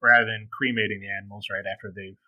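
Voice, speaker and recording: A man's voice: on the low side, flat delivery, quick pace, no echo, phone-quality sound. A man co-hosting a podcast in casual chat, rambling and hesitating with many ums. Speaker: podcast co-host.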